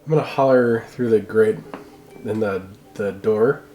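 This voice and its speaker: A man's voice: fairly low pitch, unhurried, darkish tone, roomy sound, faint music behind. A man playing in a tabletop game, talking hesitantly with fillers and restarts. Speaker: player. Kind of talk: casual tabletop game play.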